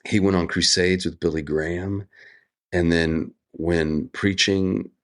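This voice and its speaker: A middle-aged American man speaking as an actor guest in an interview, earnest and reflective, telling stories with drawn-out pauses. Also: low-pitched, fairly even intonation. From United States.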